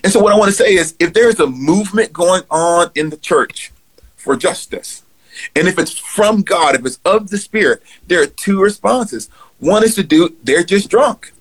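A man's voice: high-pitched, lively intonation, moderate pace, slightly rough, poor audio. A man speaking earnestly in a played clip about faith and justice. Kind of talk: public talk on faith.

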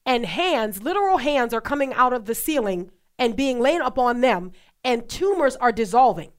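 A woman's voice: fairly high pitch, big pitch swings, moderate pace. A woman co-hosting a faith talk show, speaking with passion and repeating phrases for emphasis. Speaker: co-host.

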